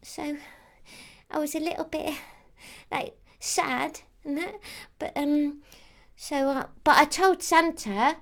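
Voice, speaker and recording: Woman playing a high little christmas elf, rambly and innocent, says like and um a lot. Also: slow, long pauses. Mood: rambling. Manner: rambling, childlike, full of "like" and "um". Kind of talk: character monologue to camera.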